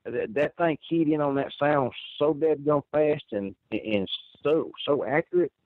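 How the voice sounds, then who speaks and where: A man's voice: on the high side, unhurried, no room sound. A man telling a first-person story, rambling and earnest with many restarts. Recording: tinny phone line.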